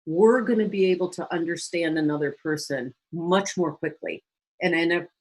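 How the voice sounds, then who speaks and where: A woman counselor giving a lively teaching talk to a church audience, briefly acting out quoted phrases. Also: on the low side, husky. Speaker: guest speaker and counselor.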